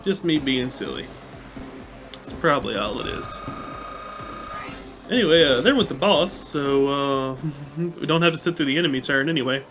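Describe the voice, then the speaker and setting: A man's voice: medium pitch, normal speed, pushed and bright, soft background music. A man giving casual gameplay commentary, rambling with lots of fillers and now and then reading game dialogue aloud. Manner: reads game dialogue aloud between remarks. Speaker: let's play gamer.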